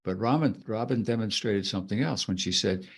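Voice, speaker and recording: A man's voice: fairly low pitch, creaky, slightly rough. Man demonstrating vocal tricks on a podcast. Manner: demonstrative, acts out vocal tricks with drawn-out words and whispers. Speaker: podcast co-host. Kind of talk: casual podcast discussion.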